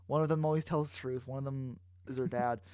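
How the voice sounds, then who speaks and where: A young man co-hosting a podcast, chatting casually with wry, deadpan quips. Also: mid-range voice, a little fast, noisy background. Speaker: podcast co-host. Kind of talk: casual chat.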